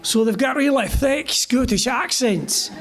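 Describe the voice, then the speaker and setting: An older man, a guest musician, telling stories to a live audience in a bar, animated and often laughing. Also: extremely high pitch, measured pace. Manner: animated, laughing, vivid storyteller.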